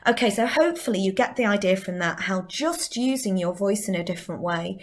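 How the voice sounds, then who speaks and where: A woman's voice: mid-range voice, expressive, brisk. A woman with a Northern English accent, a drama teacher giving a chatty recorded lesson and explaining step by step.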